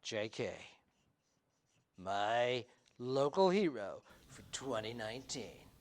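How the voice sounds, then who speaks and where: A middle-aged cartoonist giving a humorous talk to an audience, playful and quick-witted with wry asides. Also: male voice, medium pitch, big pitch swings. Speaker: cartoonist and speaker. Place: event hall before an audience.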